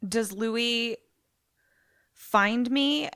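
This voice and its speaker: A woman co-hosting a podcast in casual chat, reacting loudly, swearing, and squealing in surprise as she plays along. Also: a little high, very slow, clear, resonant tone, no room sound, clean studio sound. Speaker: podcast co-host. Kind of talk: casual chat, playing along in a story game.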